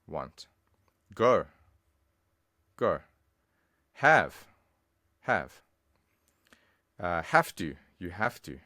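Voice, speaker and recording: A man's voice: deep voice, very animated, very slow, pauses often, pushed and bright, no room sound, studio quality. A man giving a casual, chatty online language lesson, talking straight to the viewer. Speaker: language teacher.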